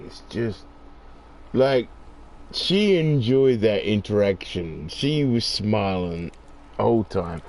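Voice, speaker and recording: A man's voice: mid-range voice, darkish tone. A middle-aged man in a rambling, profane monologue, getting worked up as he rants.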